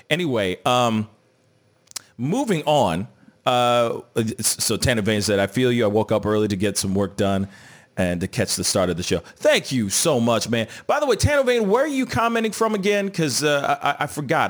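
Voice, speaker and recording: A man's voice: medium pitch, lively intonation, normal speed. Guy hosting a live stream, rambly and jokey, reading chat comments out. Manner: rambling, joking, reads chat comments aloud. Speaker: host of a live entertainment news stream.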